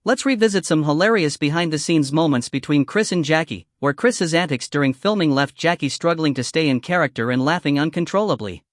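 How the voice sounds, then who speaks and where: Male narrator, slightly high, dry close sound, even scripted read. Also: a little fast, few pauses, no room sound.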